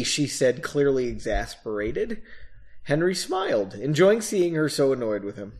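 A man's voice: fairly high pitch, very animated, moderate pace. A man reading a story aloud and breaking off for casual, self-mocking asides. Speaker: reader of his own novel.

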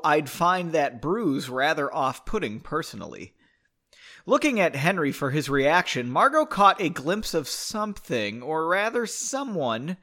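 A man's voice: on the high side, fairly bright tone. A man hosting a podcast, reading a story aloud and breaking off for chatty, self-mocking jokes. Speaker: podcast host.

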